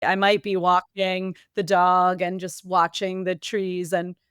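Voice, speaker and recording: A woman with a New England accent talking casually as a podcast guest, quick and lively with many fillers and restarts. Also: lowish voice, smooth, no echo, clean studio sound. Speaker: podcast guest, marketing executive. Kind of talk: casual interview talk.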